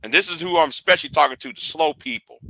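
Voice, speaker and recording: A man's voice: on the high side, quick pace, vocal fry, bright, forceful tone. A man hosting a livestream rant, lecturing his viewers and often repeating and restarting his phrases. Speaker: livestream host.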